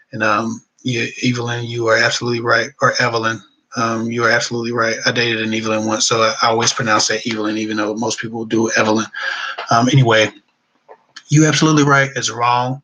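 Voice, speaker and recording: A middle-aged man answers relationship questions on a live stream in a casual, colloquial way, full of fillers. His voice sounds bright and forward. He keeps his pitch fairly level as he talks. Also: breathy edge, rough recording. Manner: casual and conversational, with frequent fillers and loose colloquial phrasing. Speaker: relationship advice host. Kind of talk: live Q&A chat, reading viewer comments.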